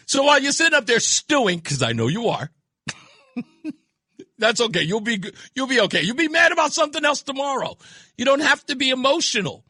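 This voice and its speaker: Mocking, lively male talk radio host. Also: very high voice, moderate pace, long pauses, breathy edge, no echo, studio quality. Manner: mocking, scornful, laughs at callers. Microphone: studio mic.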